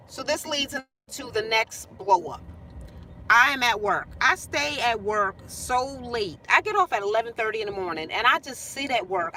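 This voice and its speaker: A woman's voice: fairly high pitch, lively intonation, measured pace, sharp tone, slight background noise. A woman telling a heated, profane story in a venting vlog, recorded on a phone in her parked car. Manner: blunt, profane, heated retelling. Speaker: vlogger.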